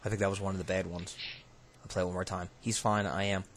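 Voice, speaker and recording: A man's voice: deep voice, background noise. Man casually talking through recordings. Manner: relaxed, halting, thinking aloud with fillers. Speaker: paranormal investigator host. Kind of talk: casual commentary reviewing recordings.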